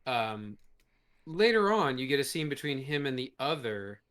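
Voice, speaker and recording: A man's voice: medium pitch, moderate pace. A man co-hosting a podcast, talking bluntly in casual review chat, swearing often and leaning hard on certain words. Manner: blunt, frequent swearing, animated emphasis. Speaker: podcast co-host.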